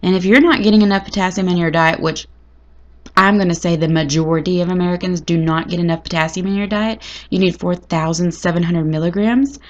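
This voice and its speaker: A woman's voice: fairly low pitch, fairly even intonation, brisk. Woman, chatty dramatic storyteller, folksy phrasing, slightly dull lo-fi sound. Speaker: vlogger. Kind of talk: casual storytelling to camera.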